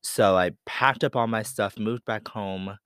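A man from Pennsylvania speaks slowly and deliberately in a low voice, telling a personal story as a podcast host. He is candid and confessional, and the recording is dry and close with no room sound. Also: fairly bright tone, clean tone, no room sound.

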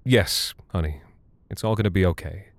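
A man voicing a calm, weary, protective father who speaks low and steady. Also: moderate pace, dry recording.

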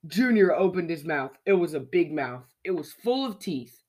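A podcast storyteller reads a children's picture book aloud with lively, expressive delivery. The voice sits at medium pitch and moves at a moderate pace.

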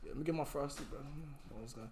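A man's voice: medium pitch, very fast, darkish tone, slight background noise. A young man, a podcast guest, telling a story in casual slang, keeps saying "bro" and breaks into laughing fits.

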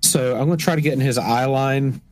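A man's voice: medium pitch, fairly quick, darkish tone. A man playing a tabletop game, talking casually and hesitantly with many fillers. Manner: hesitant, filler-heavy talk. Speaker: player.

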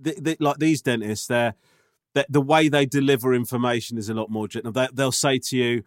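A man's voice: medium pitch, fairly even intonation, a little fast, dry recording, studio quality. A man co-hosting a casual podcast, telling a story, swearing and laughing often. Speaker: podcast co-host.

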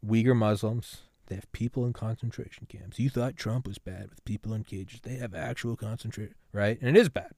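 A man's voice: fairly low pitch, fairly even intonation, a little fast, hardly any pauses, a little mellow, dry recording, studio quality. A man hosting a solo podcast, ranting sarcastically about politics with profanity and rambling asides. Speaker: podcast host.

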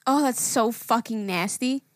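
A woman co-hosting a casual podcast, reacting to her friend's story with quick exclamations. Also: fairly high pitch, dry recording, clean studio sound. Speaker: podcast co-host. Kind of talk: casual chat.

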